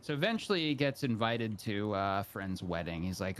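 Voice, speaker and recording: A man's voice: on the low side, very animated, normal speed, a bit bright, a little hiss or hum. A man hosting a live stream, telling a long joke in a rambling, casual way. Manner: rambling, full of fillers and restarts. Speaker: streamer host.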